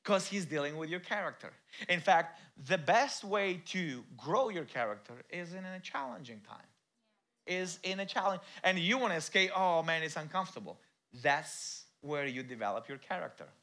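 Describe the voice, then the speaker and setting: A male pastor preaching in a church, his voice bright and forceful and sitting a little high for a man. He talks straight to the congregation in a conversational way. He swings from hushed, close passages to loud, emphatic bursts. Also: lively intonation, normal speed. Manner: dramatic swings from quiet, intimate speech to loud, shouted emphasis. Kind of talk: sermon.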